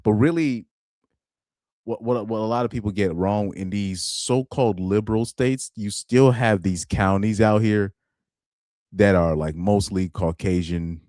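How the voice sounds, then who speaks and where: A man commenting on a live stream in a halting way, often repeating words and reading quotes aloud. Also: lowish voice, mellow, dry recording, studio quality.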